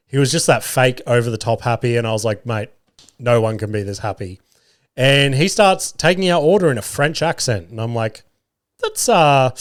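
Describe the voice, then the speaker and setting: A young adult man, telling a story on his podcast in a casual, swearing, mocking way. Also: medium pitch. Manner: animated, swearing, mocking impressions. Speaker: podcast host.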